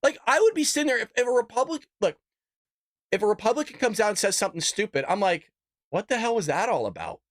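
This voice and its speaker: On his live political stream, this male host delivers a profane, heated rant full of mock voices, getting loud and high at times. His pitch swings widely and his pace is quick, captured in a clean, echo-free studio.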